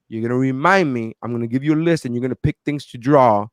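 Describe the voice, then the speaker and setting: Animated man telling a story, dry sound. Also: mid-range voice, fast talker, no echo. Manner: animated storyteller, acts out voices of others. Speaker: podcast co-host. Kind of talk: casual chat.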